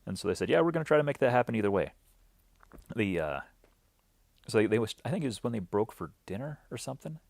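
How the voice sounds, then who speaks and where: A man's voice: lowish voice, very animated, fast talker, creaky, pauses often, darkish tone, no room sound, studio quality. A man recapping a weekend game event in a loose, rambling way, full of fillers and restarts, acting out bits of dialogue.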